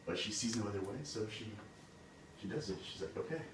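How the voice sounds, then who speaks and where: Speaking fairly quickly, this low-voiced man loosely recounts a fairy tale, his talk sprinkled with "like" and "he's like." He's captured from afar in a spacious room over constant background noise.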